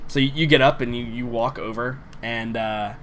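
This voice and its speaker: A man running a tabletop game who describes scenes in a loose, rambling way, full of fillers. His voice sits at a middle pitch, with a faint hiss behind it. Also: steady tone, moderate pace, fairly bright tone. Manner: casual, rambling with many fillers. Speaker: game master.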